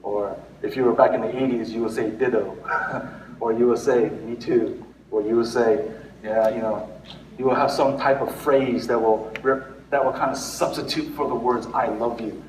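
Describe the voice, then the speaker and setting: A man's voice: medium pitch, steady tone, normal speed, a little hiss or hum. A man in his forties, a pastor, gives a conversational sermon full of restarts and fillers, sometimes tearing up. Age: 40s. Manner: conversational, many restarts and fillers, laughs at himself. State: tearful. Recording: echoey room, mic at a distance.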